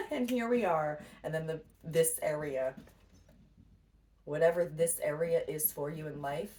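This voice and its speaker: A woman's voice: low-pitched, expressive, unhurried, darkish tone. A woman giving a casual spiritual pep talk as a tarot reader, blunt and profane, often laughing. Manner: blunt, swears freely, laughs a lot. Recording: distant mic with faint noise.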